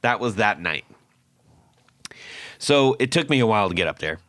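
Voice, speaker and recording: A man hosting a podcast, telling a story in a casual, animated way and acting out what people said. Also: fairly low pitch, moderate pace, no echo, clean studio sound. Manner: animated, acts out quotes with laughs. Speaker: podcast host.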